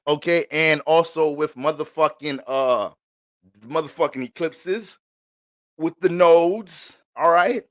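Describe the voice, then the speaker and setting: A man's voice: on the high side, takes it slowly, fairly bright tone, no echo. Casual, profane man in a dry room. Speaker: astrology vlogger. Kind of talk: casual monologue.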